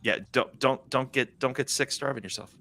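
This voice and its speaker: Bright-voiced male co-host. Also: medium pitch, fairly even intonation, moderate pace, vocal fry, faint music behind. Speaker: regular co-host. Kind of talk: casual podcast chat.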